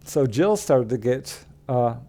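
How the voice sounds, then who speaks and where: A man's voice: medium pitch, expressive, slow pace, dark tone. Man narrating a UFO account. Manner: plain retelling with fillers, quoting witnesses in his own voice. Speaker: narrator of UFO encounter stories. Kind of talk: storytelling narration.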